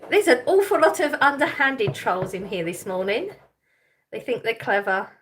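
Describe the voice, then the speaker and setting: A woman's voice: on the high side, expressive, moderate pace, slight background noise. A woman hosting a live chat stream, reading comments aloud and teasing people, with a lot of laughter. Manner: chatty, teasing, laughs often.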